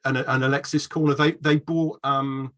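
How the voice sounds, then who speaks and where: Casual: middle-aged guy rambling through old stories, restarts a lot, average pitch. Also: level tone, normal speed, fairly bright tone. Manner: rambling anecdotal storyteller, mimics voices in quotes. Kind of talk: casual chat.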